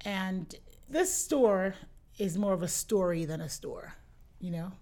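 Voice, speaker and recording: A middle-aged boutique owner, speaking slowly in a mid-range voice, tells lively anecdotes as a guest in a casual interview. She often acts out what her customers said.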